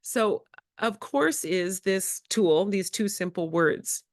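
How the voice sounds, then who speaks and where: A woman presenting a workshop to educators, animated and acting out conversations with children. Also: medium pitch, slow pace, no echo, studio quality. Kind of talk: workshop lecture. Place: in-person workshop.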